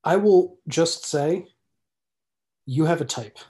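A man co-hosting a podcast, discussing films in a measured, hesitant way with frequent restarts, over a remote call. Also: fairly high pitch, mellow. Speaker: podcast co-host. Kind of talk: casual film discussion.

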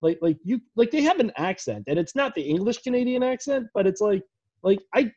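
A man chatting as a podcast guest, excitable and rambling with mock indignation. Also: high voice, a little fast, highs cut off. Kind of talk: casual podcast chat.

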